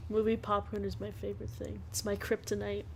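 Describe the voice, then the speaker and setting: A woman co-hosting a podcast, trading quick banter in casual chat and laughing often. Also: medium pitch, completely flat delivery, creaky, a little hiss or hum. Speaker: podcast co-host.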